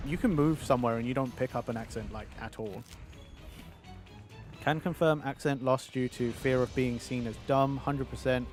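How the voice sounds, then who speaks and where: A man's voice: medium pitch, moderate pace, darkish tone, faint music behind. A male streamer chatting casually on a livestream, reading viewer messages aloud and answering them.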